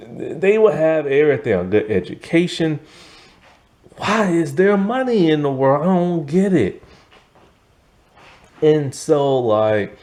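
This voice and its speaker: A man's voice: mid-range voice, a little mellow. Worn-out, rambling man. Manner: rambling, chatty, full of asides and fillers. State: tired and yawning. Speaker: TV show reviewer. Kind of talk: casual spoken review.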